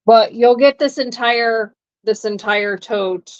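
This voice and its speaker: A woman co-hosting a live-stream auction, calmly describing the items she shows. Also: a little high, slow pace, highs cut off. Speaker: co-host showing auction items. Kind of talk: casual live-stream commentary.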